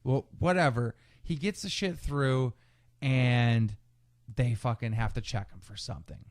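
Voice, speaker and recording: Unhurried and mid-range in pitch, a male podcast co-host shares a story. He keeps it casual and profane, animatedly acting out the words of the people involved.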